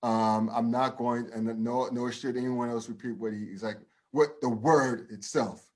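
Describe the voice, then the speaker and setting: This US podcast co-host speaks at normal speed in a mid-range, darkish voice with fairly even intonation. In a casual opinion chat, he's emphatic and profane, cursing liberally and often starting sentences over.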